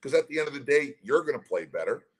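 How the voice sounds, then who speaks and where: A man's voice: medium pitch, fast, breathy edge, low-quality recording. A middle-aged man, a former pro hockey player, bluntly telling a story with constant swearing as a guest. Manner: blunt, heavy swearing, animated retelling. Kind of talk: casual storytelling.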